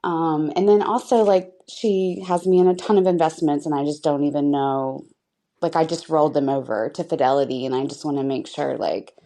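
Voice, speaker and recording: A Texan woman in her fifties calling in, her voice fairly low and mellow. She sounds hesitant and worried, with nervous little laughs between answers. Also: fairly even intonation, normal speed. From Texas. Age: 50s. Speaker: caller. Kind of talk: phone-in conversation.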